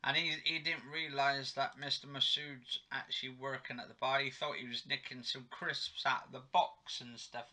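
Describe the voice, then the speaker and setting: A man's voice: medium pitch, fairly even intonation, moderate pace, hardly any pauses, sharp tone. A man in his own home giving a rambling, chatty recap of a TV episode, correcting himself as he goes. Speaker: TV episode reviewer. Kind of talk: casual home recap vlog. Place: home living room.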